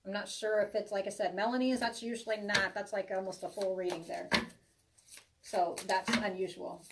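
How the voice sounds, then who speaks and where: Woman, tarot reader, rambling and chatty, medium pitch, a bit away from the mic. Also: steady tone, normal speed, distant mic, very noisy. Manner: chatty, rambling, reassuring, many restarts. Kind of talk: live tarot reading for viewers.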